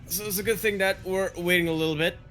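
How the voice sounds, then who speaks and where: A man casting a live strategy game match, giving play-by-play with excitable, jokey banter. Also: sits high, quick pace, soft background music. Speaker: esports caster.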